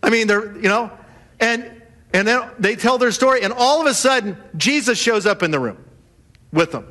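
A man preaching a sermon, telling the story in a lively way and acting out the voices of the people in it. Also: sits high, moderate pace. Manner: animated storytelling, acts out voices of the disciples. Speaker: pastor.

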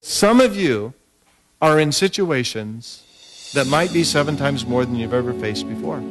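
A man preaching an earnest, encouraging sermon with slow, steady emphasis. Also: mid-range voice. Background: music.

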